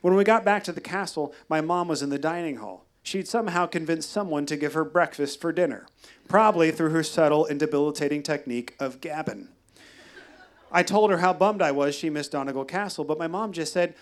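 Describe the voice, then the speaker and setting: A man telling a wry, deadpan personal story at a live storytelling show. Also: a little high, a little fast. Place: live venue.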